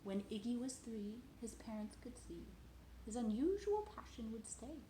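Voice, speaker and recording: A woman's voice: on the high side, sing-song, normal speed, roomy sound, background noise. A woman reading a children's picture book aloud at home, sing-song and playful, talking to a toddler between pages.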